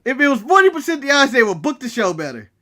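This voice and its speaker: High, bright-voiced brash American man. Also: very animated, fast talker. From United States. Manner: brash, ranting and joking. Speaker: podcast co-host. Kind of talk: casual wrestling recap chat.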